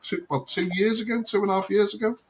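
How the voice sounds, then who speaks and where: A man's voice: high-pitched, fairly even intonation, fast talker, a crowd in the background. A man co-hosting a casual live-stream chat, jokey and chatty, reading out viewers' comments. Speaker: co-host of a live chat show. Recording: faint background noise.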